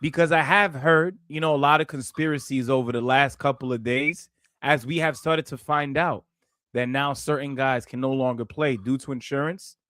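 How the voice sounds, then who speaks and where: A man's voice: mid-range voice, fairly even intonation, moderate pace, a bit bright, dry recording. Chatty man co-host, dry close sound. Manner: chatty, asks questions, laughs often. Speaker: podcast co-host. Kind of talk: casual sports chat.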